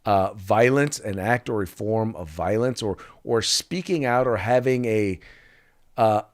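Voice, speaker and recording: A man's voice: fairly low pitch, measured pace. A man hosting a political talk podcast, chatting casually with many restarts and fillers and reading sponsor spots. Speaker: podcast host.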